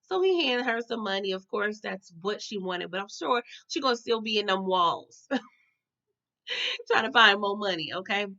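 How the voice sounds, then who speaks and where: A woman recapping a TV episode in an animated, slangy way, talking straight to her viewers. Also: medium pitch, a little slow, muffled recording. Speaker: TV recap host.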